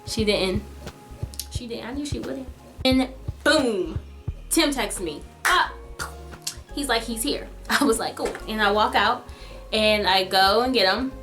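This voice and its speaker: A woman's voice: fairly high pitch, a little slow, pauses often, fairly bright tone. Young woman, casual storytime vlog, chatty, dramatic, says "like" a lot, faint music in the background. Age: young adult. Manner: chatty, dramatic, heavy use of "like". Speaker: vlogger telling a story.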